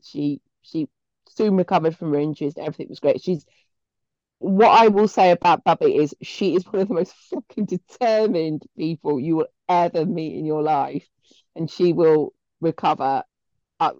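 A woman's voice: low voice, a little mellow, no echo. Chatty woman, dry dull sound. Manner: chatty storytelling, swears freely, laughs mid-story. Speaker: podcast co-host. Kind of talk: casual chat.

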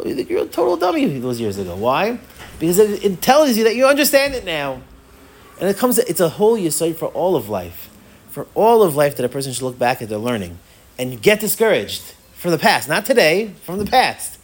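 A man's voice: on the high side, very animated, fairly quick, breathy edge. A man teaching a Torah class as a rabbi, with playful, self-mocking humor and words he often repeats as he thinks aloud. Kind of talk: animated Torah lecture.

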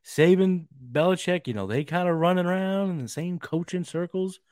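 A man's voice: high-pitched, normal speed, darkish tone, no room sound, studio quality. A man with a slight Boston accent co-hosting a fantasy football show, talking in a loose, bro-ish way and swearing for emphasis. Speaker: podcast co-host. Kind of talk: casual fantasy football draft talk. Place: outdoors, getting dark.

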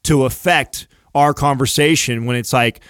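A man's voice: medium pitch, moderate pace, fairly bright tone, smooth, no echo, clean studio sound. A man in a candid podcast talk, speaking earnestly and reflectively and swearing casually. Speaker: podcast host.

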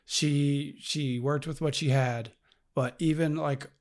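A man's voice: on the high side, steady tone, takes it slowly. A man co-hosting a casual movie review podcast, laid-back, laughing often and mocking lines from the film. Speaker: podcast co-host.

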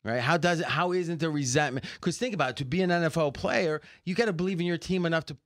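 A male sports analyst with a slightly raised pitch, arguing animatedly over contracts and games. He thinks aloud, with restarts along the way. The recording is dry and close, with no room sound. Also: quick pace, no room sound. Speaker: sports betting analyst guest. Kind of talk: casual sports talk.

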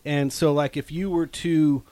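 A man who reviews beer on a radio show, chatting casually in a relaxed way with fillers, into a studio mic. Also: a little high, unhurried, no room sound.

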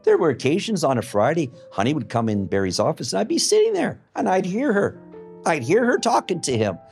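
A middle-aged man tells his story in a blunt, profane way, stopping and restarting with fillers. His pitch swings widely from sentence to sentence. Faint music plays under him. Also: huge pitch swings, brisk, vocal fry, darkish tone. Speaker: interviewee. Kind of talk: emotional personal testimony.

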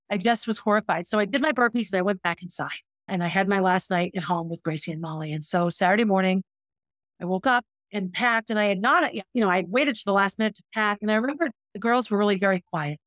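A woman's voice: medium pitch, fast talker, a bit bright, no room sound, studio quality. A middle-aged woman hosting a podcast, telling a personal story in a candid, reflective, self-critical way. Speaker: podcast host.

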